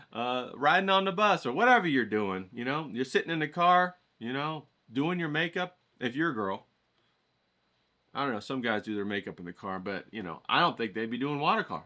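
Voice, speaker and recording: Middle-aged guy hyping up his viewers, bright punchy voice, folksy, cusses a bit. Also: mid-range voice, very animated, moderate pace. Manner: hyped, folksy, swears freely, talks to viewers directly. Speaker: watercolor vlogger. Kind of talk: casual motivational pep talk to camera.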